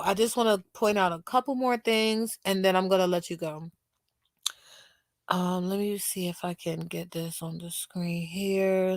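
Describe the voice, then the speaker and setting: A woman's voice: mid-range voice, no room sound. A woman hosting a casual livestream, talking straight to her chat while losing her voice. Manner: chatty, talks straight to the chat. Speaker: livestream host.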